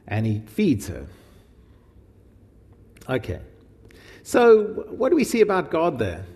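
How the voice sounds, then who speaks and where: A male preacher gives a relaxed, chatty Bible teaching and throws questions out to his listeners. His delivery swings widely in pitch, and his voice trails off into a long hall reverb. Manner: animated, informal, asks the audience questions. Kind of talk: conversational Bible teaching sermon.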